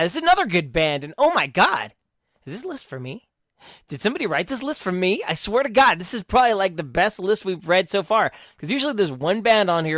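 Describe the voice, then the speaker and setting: Young male podcast co-host, slightly high voice, dry close sound, crude and self-mocking, reads album reviews in casual bursts. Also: no echo. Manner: crude, rambling and self-mocking, with sudden loud bursts and quiet mutters. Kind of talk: casual solo segment, reading from a list.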